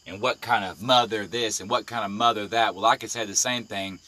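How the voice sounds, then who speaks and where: A man delivers a heated live-video rant, swearing at almost every turn. His voice sits low and pushes forward with a hard, tense edge. He stays confrontational throughout. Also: fairly even intonation, a little fast, sharp tone, dry recording. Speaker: live-stream vlogger.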